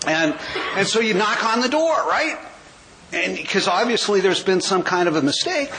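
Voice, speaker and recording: A man in his sixties from California tells his recovery story in a high voice. His delivery is wry, with quick jokes. A faint hiss sits under the talk. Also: animated. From California, USA. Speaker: AA speaker. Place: convention hall.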